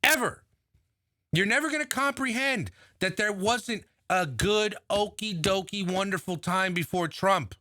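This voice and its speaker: A man's voice: sits high, a little slow, hardly any pauses, pushed and bright, dry recording, clean studio sound. Profane, heated man ranting about politics. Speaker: political commentary host. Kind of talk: angry political rant.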